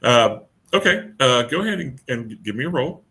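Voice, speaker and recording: A man's voice: mid-range voice, lively intonation, moderate pace, pushed and bright, a little hiss or hum. A man running a tabletop game as game master, narrating with many fillers and restarts.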